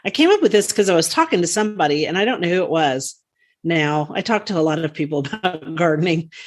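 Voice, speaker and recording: A woman's voice: on the low side, animated, fast talker. A woman co-hosting a podcast in casual chat, talkative and rambling, with frequent laughs and fillers. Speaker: podcast co-host.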